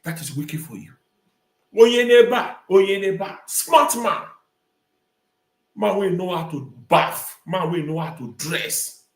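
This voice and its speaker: A man's voice: on the high side, moderate pace, creaky, reverberant. A man with a Nigerian accent hosting a talk show, ranting emphatically in a live-stream commentary and repeating phrases for effect.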